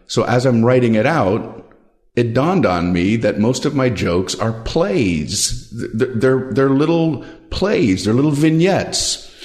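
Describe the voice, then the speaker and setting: Brief: male comedian, lowish voice, thoughtful and halting, self-deprecating. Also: darkish tone. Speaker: stand-up comedian, guest. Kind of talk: reflective interview answers.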